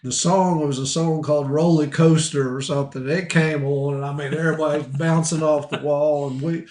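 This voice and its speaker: A man's voice: on the high side, steady tone, fairly quick, a little mellow. A man hosting a podcast interview, chatty and laughing often as he leads his guest with questions. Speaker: podcast host. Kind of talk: casual interview chat. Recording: roomy echo.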